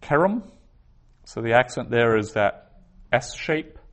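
A man teaching a classroom lesson, patiently explaining and slowly sounding out Hebrew words. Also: medium pitch, smooth. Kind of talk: classroom lecture.

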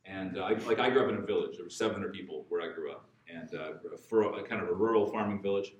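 A pastor from Alberta, Canada, with a Western Canadian accent, preaches a sermon conversationally, joking and repeating words for emphasis. His low voice is fast, and the dull audio echoes through a large church hall.

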